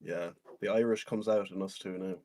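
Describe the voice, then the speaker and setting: A man on a gaming stream ribbing his friends with loud, profane banter. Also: low voice, steady tone, moderate pace. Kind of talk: casual gaming chat.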